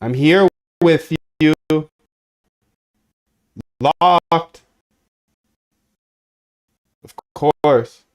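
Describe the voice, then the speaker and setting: A man muttering to himself and his chat as he codes on stream. His voice sits somewhat high and he drags his words out at an unhurried pace. He talks in loose slang and tosses in "dude" and "bro" all the time. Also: no echo. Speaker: streamer coding a trading bot. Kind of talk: casual live-stream self-talk.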